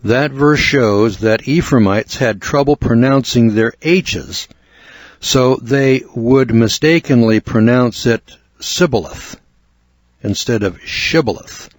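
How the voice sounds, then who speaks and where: An older American man narrating a spoken book review in a measured, earnest lecturing way with asides. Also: mid-range voice, dry recording. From United States.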